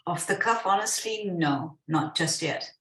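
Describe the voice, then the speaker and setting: A woman guest talks through healing ideas in a measured, reassuring way. She sits back from the microphone, and her voice rings in a roomy space. The tone stays calm and explanatory. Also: on the low side. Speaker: guest medical intuitive. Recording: roomy, distant from the mic.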